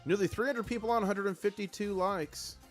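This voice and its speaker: A man hosting a casual live stream with excited market commentary, rallying his chat and reading out their comments. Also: sits high, brisk, faint music behind.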